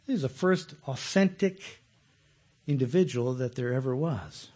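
A man preaching a conversational sermon, animated and laughing often, repeating words as he starts sentences. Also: mid-range voice, measured pace. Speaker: pastor.

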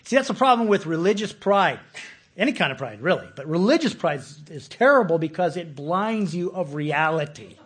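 A man teaching a sermon in a loose, talky way, full of asides and questions for the room. His voice sits a little high for a man and has a husky grain. The delivery is lively and informal. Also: normal speed. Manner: conversational, animated, often asks listeners questions. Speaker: pastor.

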